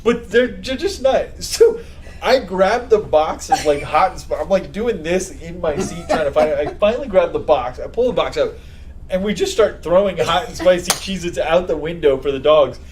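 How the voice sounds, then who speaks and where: A man co-hosting a podcast, telling a story in a casual chat, laughing and acting out quotes loudly. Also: fairly high pitch, animated, moderate pace, slight background noise. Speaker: podcast co-host.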